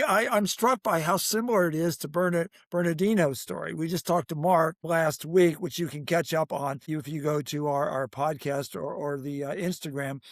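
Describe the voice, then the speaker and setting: A man hosting a podcast, asking questions with animated asides. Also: on the high side, no room sound, clean studio sound. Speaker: podcast host. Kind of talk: interview questions.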